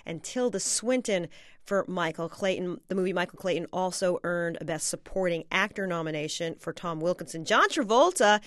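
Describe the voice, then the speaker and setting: A woman hosts a morning radio talk show, moving briskly through lists of nominees. Her voice sits a little low, and the sound is close and dry. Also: expressive, a bit bright, no echo.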